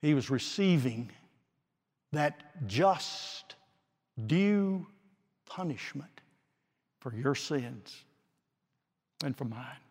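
A man preaching a sermon with slow, dramatic delivery and long pauses, swinging from forceful declarations to hushed, quiet phrases. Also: mid-range voice, expressive. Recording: long reverb of a large hall.

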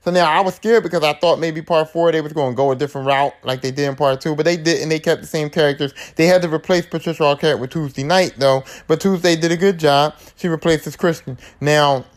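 A man's voice: on the high side, steady tone, fast, few pauses. A man hosting a podcast, recapping horror movies in a slangy, profane, rambling way. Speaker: podcast host.

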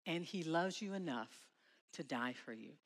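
A middle-aged woman speaking at a school chapel, telling her story to students dramatically and acting out her shouts. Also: deep voice, animated, unhurried. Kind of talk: emotional testimony to students. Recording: long hall reverb.

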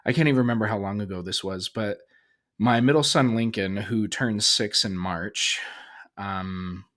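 A man's voice: on the low side, moderate pace, fairly bright tone. A man in his thirties hosting a casual solo podcast, telling a family story in a rambling way with restarts and fillers. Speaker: podcast host.

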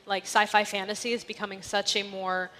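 A woman's voice: mid-range voice, flat delivery, brisk, fairly bright tone. A woman guest on a live podcast, chatty and enthusiastic. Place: large museum hall with live audience. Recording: live in a reverberant hall.

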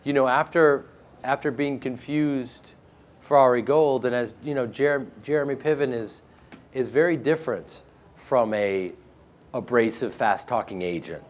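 A man with a flat Midwestern American accent, interviewed about his acting work, joking and self-deprecating with frequent restarts. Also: medium pitch, a little slow. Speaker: actor interviewed. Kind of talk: casual interview chat.

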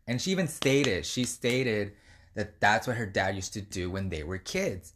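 A man's voice: on the low side, lively intonation, unhurried, a bit bright. A man co-hosting a podcast, rambling casually with lots of fillers. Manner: rambling, many fillers, laughs easily. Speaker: podcast co-host. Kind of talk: casual chat.

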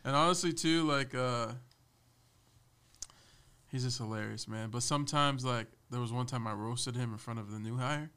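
A man's voice: medium pitch, normal speed, smooth. A young man, a podcast guest, chatting casually and animatedly, laughing often and mimicking others. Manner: animated storyteller, laughs often, mimics his boss loudly. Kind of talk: casual chat.

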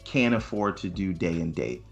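Podcast guy, bright voice, bounces all over in pitch, sarcastic, faint music. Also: normal speed. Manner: animated, sarcastic, mock voices for effect. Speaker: podcast co-host. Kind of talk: casual gaming chat.

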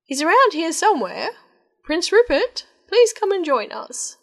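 A woman's voice: a little high, lively intonation, moderate pace, voice pushed up. A woman doing a bellowing storybook king. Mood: flustered. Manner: bellowing, raised and strained. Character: blustering middle-aged king, loud and proud.

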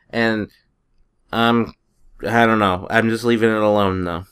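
A man's voice: lowish voice, steady tone, measured pace, a bit bright, clean tone. A man in a casual chat, telling rambling stories and chuckling often.

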